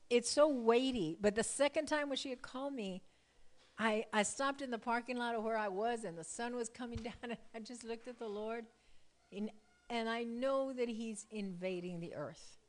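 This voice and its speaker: A woman casually telling a faith testimony to a group, chatty, laughing often and leaning on "you know.". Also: on the high side. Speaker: church member sharing a testimony.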